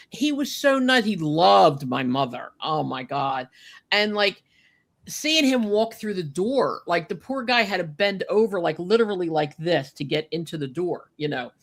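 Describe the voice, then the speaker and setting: A woman telling a personal story with deep feeling, choked up, with lots of "you know" and "like". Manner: heartfelt, many fillers like "you know" and "like". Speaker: guest recalling a friend.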